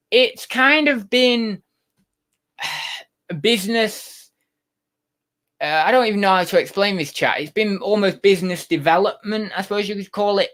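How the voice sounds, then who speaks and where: A man's voice: a little high, fairly bright tone. A young British man hosting a casual livestream, rambling to viewers in the chat. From United Kingdom. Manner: rambling, talks to viewers and to his cat. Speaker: livestream host, online reseller.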